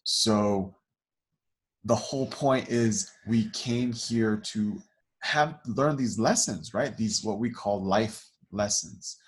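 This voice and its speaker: A man's voice: on the low side, slow. A man co-hosting a spiritual talk show, explaining ideas in a thoughtful, hedging way. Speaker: co-host. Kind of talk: casual chat.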